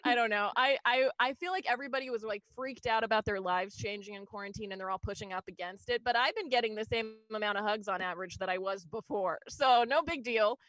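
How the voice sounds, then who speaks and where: A woman doing a stand-up comedy set, her voice sitting on the higher side. She rambles, leans on fillers and small laughs, and turns every joke back on herself. The sound is dry and close. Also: fast talker, few pauses, a bit bright, no room sound, rough recording. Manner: rambling, self-deprecating, frequent fillers and laughs. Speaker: stand-up comic.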